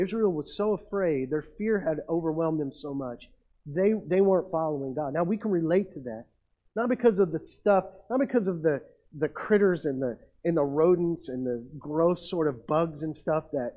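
Middle-aged male pastor, high voice, muffled lo-fi recording, self-mocking storyteller in a sermon. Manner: storytelling, self-mocking, builds to emphatic peaks. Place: church. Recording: muffled lo-fi sound.

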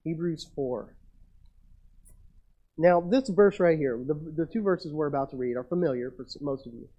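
A man's voice: on the high side, moderate pace, highs cut off. A man preaching a sermon as pastor, talking casually with the congregation and reading scripture aloud.

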